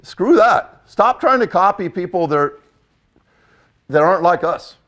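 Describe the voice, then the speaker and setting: A man's voice: high voice, expressive, a little slow, a bit bright. An older man and football coach giving a blunt, emphatic talk, repeating key points for effect.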